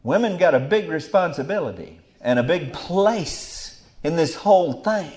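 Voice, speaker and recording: A middle-aged man preaching a fiery Bible sermon. He drops to low murmurs, then bursts into loud exclamations. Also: expressive, unhurried, hardly any pauses.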